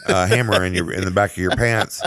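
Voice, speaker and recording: A man's voice: deep voice, fairly even intonation, a little fast, fairly bright tone. A man co-hosting a casual podcast, telling playful, jokey stories. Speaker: podcast co-host. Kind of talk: casual chat.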